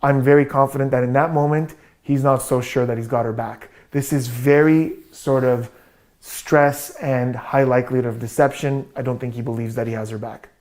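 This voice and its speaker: A man commenting on a video clip as a body language analyst, explaining gestures confidently in quick bursts. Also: mid-range voice, steady tone, darkish tone.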